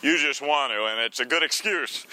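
A man preaching a sermon in a teasing, conversational way, full of quick asides to the congregation. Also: medium pitch, pushed and bright. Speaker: pastor.

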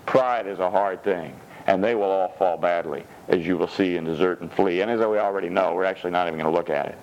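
A male pastor preaching a sermon in an animated way, dropping frequent amens. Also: low voice, fast, muffled recording. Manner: animated, punctuates with "amen".

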